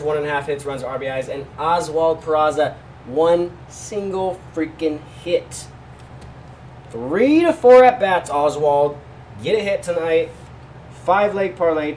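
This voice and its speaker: A man's voice: on the high side, distant mic, a little hiss or hum, low-quality recording. Casual chatty man a bit off mic. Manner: loose, chatty, jokey asides, talks to viewers and his dog. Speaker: sports betting host. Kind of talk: casual betting picks vlog.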